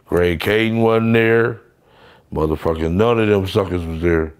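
In a low-pitched, clean voice at a measured pace, an interview guest spins blunt, profane street stories in a casual conversation. He acts out the voices of everyone he quotes.

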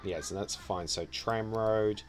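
A man's voice: fairly low pitch, a little slow, faint music behind. A man thinking aloud as he streams a city-building game, trailing off and correcting himself often. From New Zealand. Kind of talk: casual gameplay commentary.

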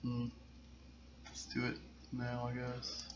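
A man's voice: mid-range voice, completely flat delivery, slow. A man casually commenting on a life-simulation game with a partner, dry, profane and joking. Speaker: gameplay commentator. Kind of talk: casual let's-play chat. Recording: muffled recording with faint hiss.

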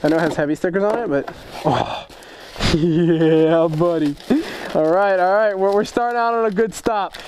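A young man chatting casually on a vlog as he opens fan mail, excitable, joking and swearing a lot. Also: sits high, brisk, a little hiss or hum. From United States. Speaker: motorcycle vlogger opening fan mail.

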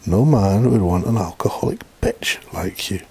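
A man's voice: fairly low pitch, animated, normal speed, gravelly, mellow, breathy edge, no room sound, exaggerated voice. A man reading cruel sneering stepfather. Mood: contemptuous. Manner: scornful and threatening.

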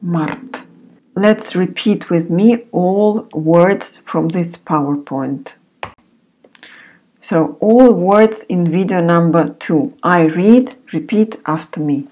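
A woman teacher recording a beginner language lesson, saying each word slowly and repeating it several times for learners to follow. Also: lowish voice, mellow.

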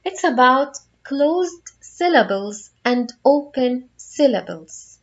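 A woman's voice: high-pitched, lively intonation, slow pace, dull audio. A woman teaching a phonics lesson to young children, patiently guiding them through each word step by step.

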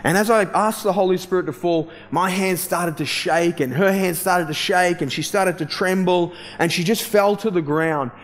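A man's voice: high voice, moderate pace, few pauses. A man, preaching a sermon as a casual, conversational storyteller who often restarts and fills with "you know". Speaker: pastor.

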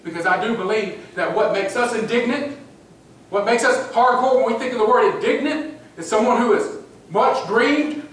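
In a church sanctuary, a man's high, expressive, slightly bright voice moves at a moderate pace through an emphatic sermon full of repeated phrases. He often asks the congregation "amen?", and the audio is echoey, far from the mic, with faint background noise.

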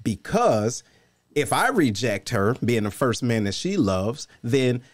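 Lively conversational male podcast host. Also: medium pitch, slow. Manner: animated, emphatic, conversational. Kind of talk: casual podcast chat.

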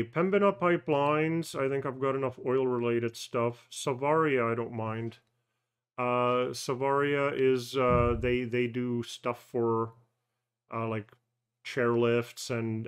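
A man hosting a personal finance channel, thinking aloud through a casual live screen-share walkthrough, halting with fillers and self-corrections. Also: medium pitch, smooth. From Canada.

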